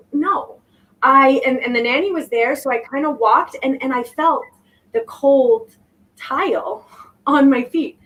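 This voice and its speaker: High-pitched woman guest, slow reflective storyteller, halting restarts, mic a bit far. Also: animated, a bit bright. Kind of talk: personal story in an interview. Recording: voice distant from the mic.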